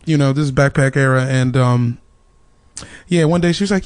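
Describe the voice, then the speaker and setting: A man's voice: medium pitch, moderate pace, a little mellow, smooth, dry recording, studio quality. A man who does stand-up, telling family stories in slangy, laughing casual chat. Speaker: stand-up comedian.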